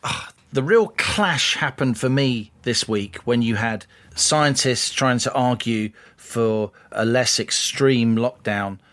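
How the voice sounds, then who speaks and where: A man's voice: mid-range voice, slow pace, fairly bright tone. A man, co-hosting a podcast and talking in a blunt, exasperated way. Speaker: podcast co-host. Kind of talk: opinionated casual chat.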